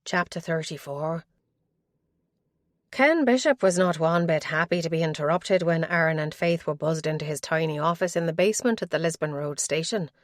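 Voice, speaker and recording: Audiobook narrator, woman, lowish voice, measured and tense, dry close mic. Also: dry recording. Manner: measured, suspenseful.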